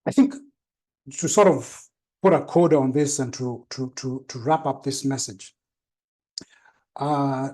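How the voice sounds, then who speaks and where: A man giving a live seminar talk as a branding trainer, with a trained, deliberate delivery that varies tone and stresses certain words. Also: mid-range voice, a little mellow.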